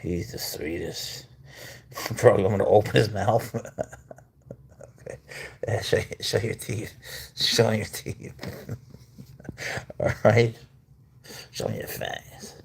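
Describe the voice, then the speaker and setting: A man with a low, heavily gravelly and husky voice, talking casually on a livestream at home. He keeps up a loose, chatty flow, cooing to his cat and reading out viewer comments between stretches of talk. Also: slow pace, pauses often.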